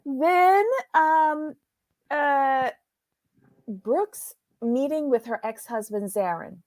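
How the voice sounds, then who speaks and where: A woman's voice: high voice, very slow, a little mellow, dry recording. A woman co-hosting a casual recap chat, rambling with fillers and restarts as she goes through her takeaways. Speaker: podcast co-host.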